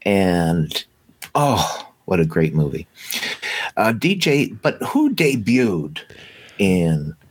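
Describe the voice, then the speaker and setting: A man co-hosting a casual movie chat show, talking enthusiastically with halting restarts. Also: low-pitched, big pitch swings, a little hiss or hum. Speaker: co-host of a movie watch show.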